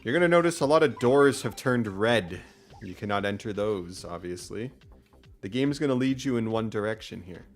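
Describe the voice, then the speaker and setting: Young lets-player guy, low voice, relaxed chat, faint game music behind. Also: normal speed. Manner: chatty, laughs at his own lines. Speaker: lets-play commentator. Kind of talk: casual game commentary.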